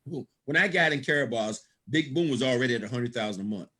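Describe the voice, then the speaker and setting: A man's voice: mid-range voice, expressive, quick pace, bright, forceful tone, husky. A man giving a motivational storytelling talk at a business event, laughing often and calling out praise in a folksy, preacher-like way. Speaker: guest speaker at a business opportunity event.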